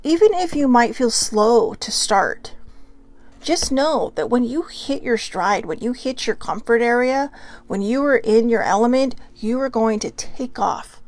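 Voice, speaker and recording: A woman's voice: on the high side, lively intonation, unhurried, no room sound. A woman hosting a casual self-care pep talk, chatty and often checking in with "right?". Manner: chatty, keeps asking "right?". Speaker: host.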